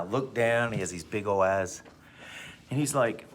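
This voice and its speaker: A male teacher telling a personal anecdote to his class, with big animated swings in pitch and pace. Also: moderate pace, slight background noise. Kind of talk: storytelling in class.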